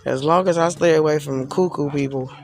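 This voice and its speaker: A man's voice: on the high side, brisk. A man on a live stream, sarcastically repeating himself in an exasperated rant at someone who accused him.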